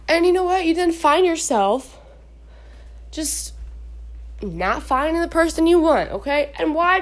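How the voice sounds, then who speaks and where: A young woman with a bright, high voice talks casually to her viewers from home, giving Christian advice on relationships. She is chatty and animated, full of asides and quick restarts. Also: a little hiss or hum. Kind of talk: casual faith talk to camera. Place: at home indoors.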